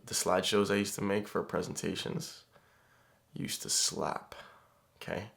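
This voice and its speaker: A man's voice: low voice, fairly even intonation, unhurried, vocal fry, a bit bright. A young man chatting casually in a vlog, laid-back and laughing, with casual swearing. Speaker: vlogger.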